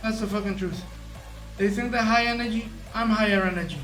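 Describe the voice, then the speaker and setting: A man's voice: high voice, fairly quick, fairly bright tone, reverberant, soft background music. A man live-streaming in a brash, boastful, profane way, tired out. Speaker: livestreamer. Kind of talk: casual live-stream chat.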